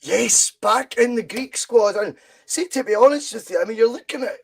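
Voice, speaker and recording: A Scottish man with a fairly high voice hosts a casual football podcast. He talks in an animated, opinionated way, pressing his points with real emphasis. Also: moderate pace, vocal fry, breathy edge. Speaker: podcast host.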